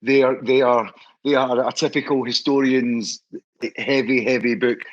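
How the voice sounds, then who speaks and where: Recorded with muffled sound, a Scottish historical society head chats as a guest, eagerly rambling through stories with frequent restarts. His voice is medium in pitch, fairly even in intonation, and paced normally.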